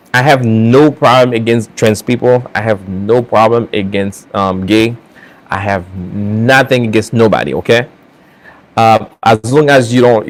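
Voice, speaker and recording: A man with an accent hosting his own casual opinion vlog, talking straight to his viewers in halting bursts with many restarts and fillers. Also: mid-range voice. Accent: non-native English accent. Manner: earnest, talks straight to viewers. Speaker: channel host.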